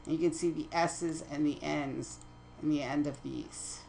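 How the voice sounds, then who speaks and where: A woman's voice: low voice, fairly even intonation, a little slow, creaky, a little mellow, slight background noise, rough recording. A woman teaching poetry terms in a lecture over slides, reading definitions steadily and correcting her own slips. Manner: methodical, reads definitions aloud, self-corrects slips.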